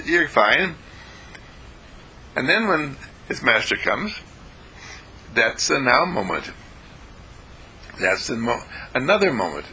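Gravelly, animated man telling a story. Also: medium pitch, low-quality recording. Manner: storytelling, chuckles often, clears throat. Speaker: university dean giving a daily thought. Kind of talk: spoken inspirational talk.

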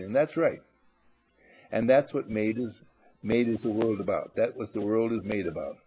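A man's voice: lowish voice, moderate pace, mellow. A man giving an inspirational talk, playful, acting out little scenes and repeating phrases for emphasis. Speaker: motivational speaker.

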